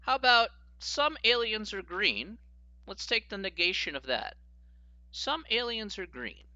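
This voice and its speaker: A man's voice: high-pitched, sing-song, measured pace, bright, forceful tone, no room sound, muffled recording. A man teaching a live-streamed logic lesson, often laughing as he explains and reacts to viewer chat. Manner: giggly, keeps breaking into laughter while explaining.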